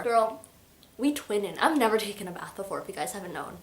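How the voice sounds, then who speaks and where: A woman's voice: medium pitch, lively intonation, fast talker. Gushing young woman in an echoey room. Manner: gushing, giggly, acts out quotes in voices. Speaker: book vlogger. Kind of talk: casual book review chat.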